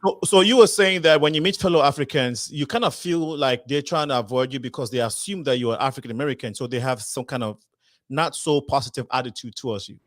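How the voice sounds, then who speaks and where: A man's voice: mid-range voice, fast talker, no room sound, studio quality. A man moderating a panel discussion, probing and restating his guests' points. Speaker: host.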